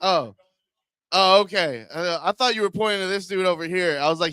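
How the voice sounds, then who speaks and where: A male stand-up comic working the crowd on a handheld mic, his fairly high voice smooth and clear. He rambles through bits and keeps breaking into laughs at his own lines. The sound is close and dry. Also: fairly quick, bright, forceful tone, dry recording. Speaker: stand-up comedian. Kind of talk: stand-up set with crowd work. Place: comedy club stage.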